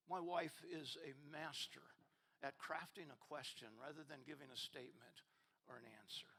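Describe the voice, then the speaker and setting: A man preaching a sermon as pastor, reading scripture with rising emphasis and dropping soft at the ends of verses. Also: a little high, fairly even intonation, moderate pace, gravelly. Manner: rises and swells when reading scripture questions. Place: church sanctuary.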